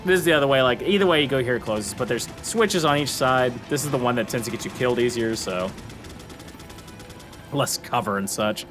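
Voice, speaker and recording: A man's voice: mid-range voice, expressive, brisk. A man hosting a let's play, commenting casually and playfully on his gameplay, laughing often and doing goofy voices. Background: game music and gunfire.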